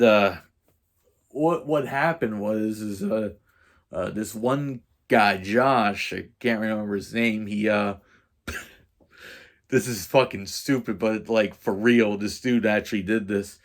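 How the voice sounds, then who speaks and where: A man vlogging as he tells a story in a rambling, profane rant, full of fillers and restarts. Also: lowish voice.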